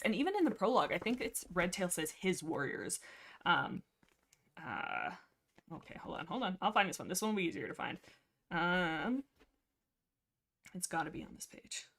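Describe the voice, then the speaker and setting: A woman hosting a livestream, chatting casually and rambling through a book discussion with many fillers and restarts. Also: mid-range voice. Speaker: livestream host.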